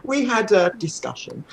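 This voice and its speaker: Woman interviewee, low-ish voice, unhurried anecdote with light laughter. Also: slight background noise. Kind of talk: casual storytelling.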